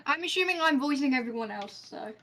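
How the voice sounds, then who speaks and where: A woman's voice: sits high, expressive, fast, bright, forceful tone. A woman on a game stream who voices the characters, giving short, dry replies. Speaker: co-player voicing characters. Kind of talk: casual chat and character voicing. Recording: faint background noise, lo-fi stream mic.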